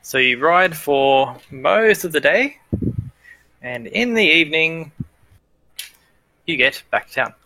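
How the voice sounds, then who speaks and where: A man runs a tabletop game as its game master. His voice is bright and forceful, and the sound is dry and close. He hesitates often, restarting sentences and filling gaps with ums and "sort of". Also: a little high, lively intonation, takes it slowly, long pauses, no room sound. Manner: hesitant, many fillers and restarts.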